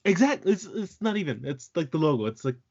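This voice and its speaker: A man's voice: a little high, big pitch swings, fast talker, a little mellow, highs cut off. A man co-hosting a podcast in casual chat, teasing his co-host and exclaiming with casual swearing.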